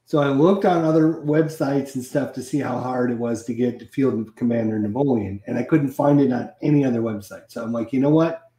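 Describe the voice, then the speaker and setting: A man's voice: mid-range voice, fairly quick, hardly any pauses. Rambling man host in an echoey room. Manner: rambling, animated storytelling. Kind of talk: casual chat.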